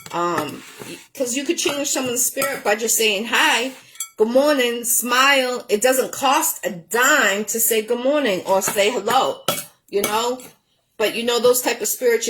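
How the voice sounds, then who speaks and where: A woman's voice: medium pitch, a bit bright, slight background noise, low-quality recording. A woman hosting a home cooking show, chatting in a rambling way with lots of ums while she cooks. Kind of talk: casual chat while cooking. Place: home kitchen.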